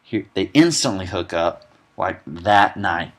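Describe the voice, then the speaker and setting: Sarcastic young man recapping a movie. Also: sits low. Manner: sarcastic, deadpan asides, quick quoted character voices.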